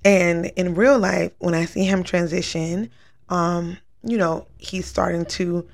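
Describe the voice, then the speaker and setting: A woman's voice: lowish voice, fairly even intonation, takes it slowly, creaky. Earnest woman rambling through a dream story. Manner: rambling, many "like" fillers, earnest. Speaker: vlogger recounting a dream. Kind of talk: casual storytelling.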